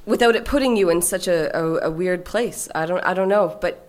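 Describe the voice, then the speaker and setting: A woman's voice: lowish voice, brisk. A woman in her forties telling a personal story as a podcast guest, frank and profane and laughing often. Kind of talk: candid conversational storytelling.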